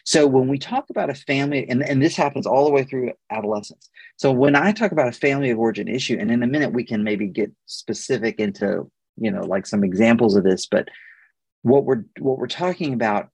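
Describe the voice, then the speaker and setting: Husky-voiced man explaining at length. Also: medium pitch, a little fast, a little mellow, dry recording. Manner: thoughtful, rambling with restarts and fillers. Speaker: guest therapist. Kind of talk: conversational explanation on a podcast.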